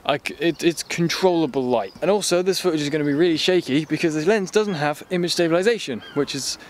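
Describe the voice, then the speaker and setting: A man's voice: a little high, fast talker, a little hiss or hum. An English man casually reviewing a camera lens in a rambling, jokey, sweary vlog chat.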